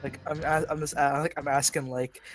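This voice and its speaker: A man's voice: fairly high pitch, little pitch movement, a little fast, music in the background. Stammering, impulsive male player. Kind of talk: casual tabletop play.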